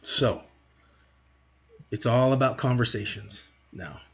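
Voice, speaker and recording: A man's voice: mid-range voice, slow pace, breathy edge, lo-fi sound. A man teaching parents in a monologue, earnest and direct, asking rhetorical questions as he goes. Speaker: parenting educator.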